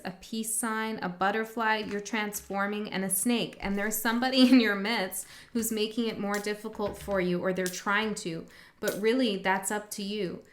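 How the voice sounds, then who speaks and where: A woman's voice: mid-range voice, a little hiss or hum. Chatty woman giving a tarot reading. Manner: chatty and upbeat, laughs often mid-sentence. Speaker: tarot reader. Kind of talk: casual tarot reading to camera.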